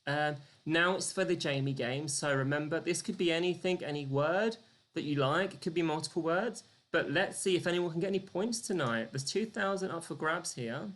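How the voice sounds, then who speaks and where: A live-streamed quiz host talks at a moderate pace in a mid-range, fairly bright voice. Chatty and self-deprecating, they count down the clock and read out the answers and the leaderboard.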